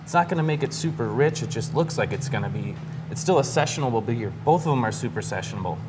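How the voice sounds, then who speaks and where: A man's voice: mid-range voice, expressive, quick pace, music in the background. A man, a brewery guest, explains beer styles in a loose, joking way with lots of fillers. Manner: jokey, loose, many fillers. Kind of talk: casual radio interview.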